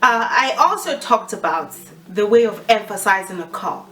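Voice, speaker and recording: A woman's voice: medium pitch, expressive, normal speed, fairly bright tone, recorded from a distance, rough recording. A woman giving a casual language lesson, chatty and laughing often as she mixes in Yoruba phrases.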